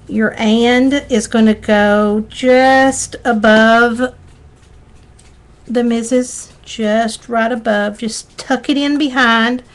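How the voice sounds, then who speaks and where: A woman's voice: fairly high pitch, fairly bright tone. Folksy Southern woman demonstrating crafts. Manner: chatty, folksy, talks while working. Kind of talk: live craft tutorial.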